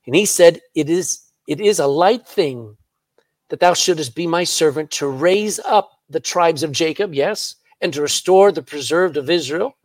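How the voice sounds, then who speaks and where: A man's voice: fairly high pitch, moderate pace, no echo. A man preaching a sermon in church, reading scripture aloud and laughing at his own jokes. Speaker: pastor.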